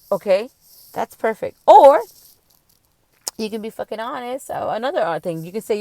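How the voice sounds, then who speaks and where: A woman's voice: mid-range voice, animated, moderate pace, mellow, no room sound. A tipsy woman hosting her own podcast, ranting bluntly and swearing freely in a casual solo monologue. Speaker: podcast host.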